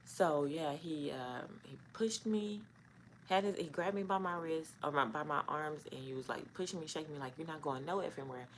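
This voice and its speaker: Woman, middle-aged, very low pitch, candid personal storytelling, rambling, casual. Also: moderate pace, slight background noise, poor audio. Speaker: vlogger.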